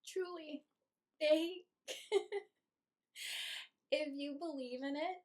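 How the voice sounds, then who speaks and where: A young adult woman, a medium, telling an emotional personal story to her viewers in a slow, heartfelt way. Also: high voice, a little mellow. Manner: slow, emotional, breathy with feeling, laughs between phrases. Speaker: medium and channel host.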